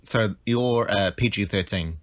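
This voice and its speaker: Deep-voiced man, easygoing. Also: measured pace, dry recording. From Australia. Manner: easygoing, giggly, explanatory. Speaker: podcast co-host. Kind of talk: casual chat.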